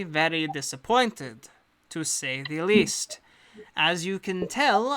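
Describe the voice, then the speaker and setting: A woman's voice: fairly low pitch, a bit bright, clean tone. A woman voicing a composed, secretive female patron who speaks formally with a put-on accent. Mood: guarded. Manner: formal, measured, polite speech in a put-on accent. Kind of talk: in-character tabletop narration.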